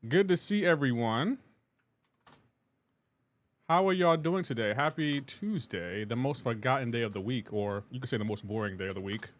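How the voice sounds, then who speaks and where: A man's voice: medium pitch, moderate pace. A man streaming a game live, chatting casually and greeting his viewers one by one in an upbeat, talkative way. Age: adult with a child.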